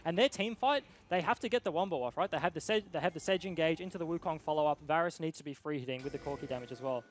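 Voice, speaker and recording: A young man giving quick, analytical play-by-play for an esports match. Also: a little high. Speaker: esports caster. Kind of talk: fast esports commentary.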